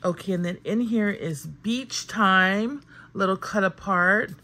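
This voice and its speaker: A woman hosting a crafting channel, chatting casually and gushing with excitement as she opens mail. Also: medium pitch, slow pace. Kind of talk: casual unboxing vlog chat.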